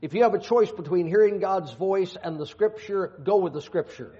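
A pastor with a high, warm voice speaks at normal speed, reading scripture aloud during a sermon and adding folksy, joking asides. The recording has dull, lo-fi sound.

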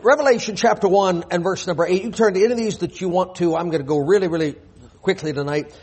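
A man's voice: sits high, fast talker, a little hiss or hum. A man preaching a sermon in a church, reading scripture aloud and pressing his point with rhetorical questions.

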